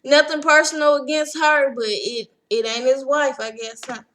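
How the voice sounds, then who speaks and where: A young woman breaks down a reality show episode in a loose, sassy vlog style. Her voice sits high and bright. She slips into quick impressions of what everyone said. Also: steady tone. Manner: chatty, sassy, acts out quotes. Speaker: TV recap vlogger. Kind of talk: casual show recap.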